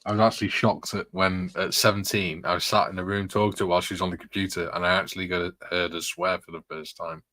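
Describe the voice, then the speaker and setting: Guy on a stream, deep voice, chuckles through his stories, dry close sound. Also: flat delivery, fast, few pauses, bright, forceful tone, no echo. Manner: rambling anecdotes with frequent chuckles. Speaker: streamer reading chat. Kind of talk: casual live-stream chat. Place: indoor room with curtains closed.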